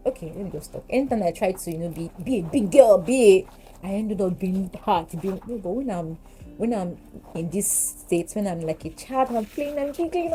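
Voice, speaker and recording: Chatty Nigerian woman, mellow voice. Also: lowish voice, rough recording. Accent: Nigerian English. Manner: chatty, animated, giggly. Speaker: beauty vlogger. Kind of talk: casual get-ready-with-me chat.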